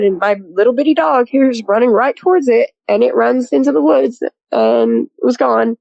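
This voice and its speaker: Chatty woman with a gravelly creak. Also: a little high, brisk, mellow, dry recording, muffled recording. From rural area. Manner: rambling, chatty, full of "you know" and restarts, laughs often. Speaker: guest recounting a sighting. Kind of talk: casual storytelling.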